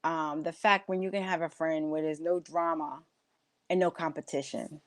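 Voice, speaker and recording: Woman guest, lowish voice, lively storyteller, does little voices of her friends. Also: moderate pace, no echo. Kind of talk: casual heartfelt chat.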